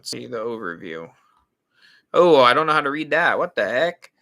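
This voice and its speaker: A man's voice: medium pitch, very animated, moderate pace, gravelly, bright, forceful tone. A man hosting a casual live stream, rambling and answering viewer comments. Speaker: horror channel host.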